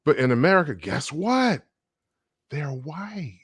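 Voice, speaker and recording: A man speaking as a guest in an emphatic, animated conversation. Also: a little high, slow pace, husky, no room sound. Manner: emphatic, acts out voices to make points. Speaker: guest artist.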